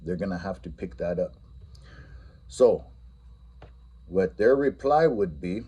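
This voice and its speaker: A man giving a spoken language lesson for teachers, explaining a classroom game and repeating each phrase slowly and patiently. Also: low voice, animated, warm tone, breathy edge.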